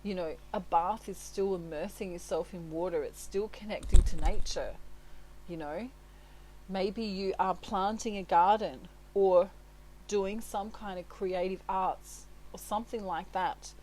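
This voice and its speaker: A woman's voice: medium pitch, a little slow, darkish tone, slight background noise, poor audio. A woman giving a casual, chatty tarot reading. She sounds reassuring, laughs often and keeps tagging her points with "right?" and "you know". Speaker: tarot reader.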